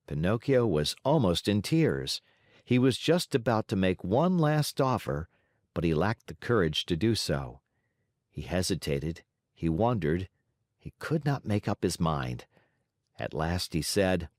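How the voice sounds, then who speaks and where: A man narrating a classic children's story as an audiobook, in an expressive, varied delivery. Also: deep voice, measured pace, no echo, clean studio sound.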